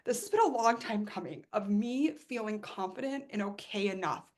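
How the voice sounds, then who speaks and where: A woman coach giving an emphatic, animated motivational talk, with casual swearing and acted-out asides. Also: mid-range voice, moderate pace.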